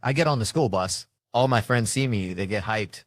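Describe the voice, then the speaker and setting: A man tells a stand-up story in short, clipped bursts and keeps the pace lively. His voice is fairly low, and the sound is dry and close-miked with no room echo. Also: normal speed. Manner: punchy, animated storytelling with short clipped sentences. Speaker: stand-up comedian.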